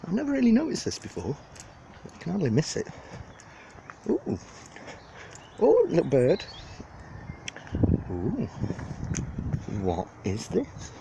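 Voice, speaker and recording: A man's voice: a little high, takes it slowly, pauses often. A young man with a Liverpool-area accent, rambling and joking as he films a casual walking tour of a city park on his phone. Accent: Liverpool area (Widnes). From England. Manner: chatty, rambling, jokey and lively. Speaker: vlogger giving a walking tour. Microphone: handheld phone camera. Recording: phone video outdoors with clear wind and park noise.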